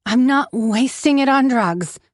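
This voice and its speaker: A woman's voice: sits high, unhurried, no room sound, studio quality, voice pushed up. A woman voicing a desperate addicted sister who pleads, then turns bitter, in an audiobook. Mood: insistent. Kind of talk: audiobook narration.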